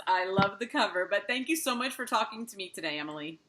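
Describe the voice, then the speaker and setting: A woman's voice: medium pitch, expressive, fast, a bit bright. Gushing, chatty woman interviewer. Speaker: podcast host. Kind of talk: casual interview chat. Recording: echoey room.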